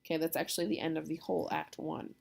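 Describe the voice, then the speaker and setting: A woman's voice: deep voice, little pitch movement, fast, vocal fry, a little mellow. A young adult woman teacher explaining a play in a casual, chatty lesson, often checking in with "okay?".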